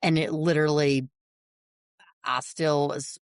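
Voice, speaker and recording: A woman, a podcast guest telling a personal story, animated and quick to laugh. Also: low-pitched, clear, resonant tone, dry recording, clean studio sound. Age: 40s. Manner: animated storyteller, acts out family voices, laughs often.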